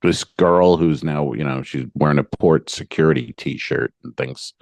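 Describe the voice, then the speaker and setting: A man co-hosting a comedy podcast, telling an exasperated story in a casual, animated way. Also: rumbling low, measured pace, creaky, no echo. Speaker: podcast co-host and cruise ship entertainer. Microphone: podcast mic on a boom arm.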